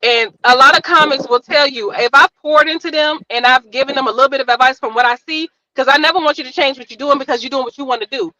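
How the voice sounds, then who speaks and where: A woman comedian with a high, bright voice, chatting as a guest on a podcast. She tells her stories in an animated, profane way. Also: fast talker, hardly any pauses, no echo, dull audio. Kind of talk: casual podcast chat, storytelling.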